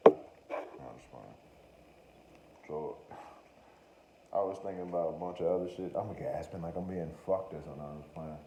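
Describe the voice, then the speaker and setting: A man's voice: sits low, normal speed, pauses often, dark tone. A man hosting a podcast, riffing in a rambling, profane, joking monologue, often breaking off to say he is only playing. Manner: profane, joking, self-interrupting. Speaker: podcast host. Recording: roomy echo with faint room noise.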